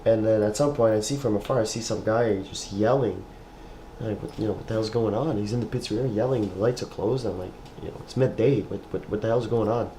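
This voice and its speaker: A man's voice: on the low side, brisk, warm tone, slight background noise, rough recording. A young man co-hosting a casual podcast, telling a rambling story with restarts and swearing. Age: young adult. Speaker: podcast co-host. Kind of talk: casual chat.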